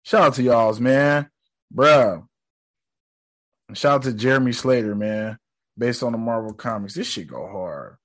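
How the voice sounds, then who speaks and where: A man casually recapping a TV episode, excitable and profane, acting out scenes in slangy speech. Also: mid-range voice, unhurried, long pauses. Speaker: TV episode reactor.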